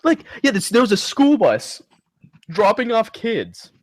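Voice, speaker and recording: A man chatting casually with friends, telling lively stories and swearing often. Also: high-pitched, unhurried, dry recording. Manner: animated storyteller, swears often, acts out voices. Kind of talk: casual group chat.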